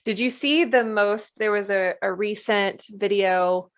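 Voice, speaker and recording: A woman co-hosting a parenting podcast in a relaxed, conversational way. Her voice sits at an ordinary middle pitch. She keeps it chatty and now and then slips into playful voices to quote others. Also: unhurried. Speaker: podcast co-host.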